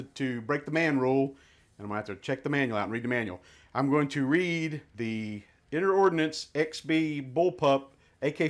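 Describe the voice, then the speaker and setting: A man reviewing gear in a casual hands-on demonstration, chatting and thinking aloud as he handles each part. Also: medium pitch.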